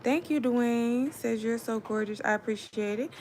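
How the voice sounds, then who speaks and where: A woman's voice: fairly high pitch, normal speed, a little mellow, a little hiss or hum. Chatty woman live-streaming to viewers. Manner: chatty, addresses viewers as y'all. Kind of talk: casual live-stream chat.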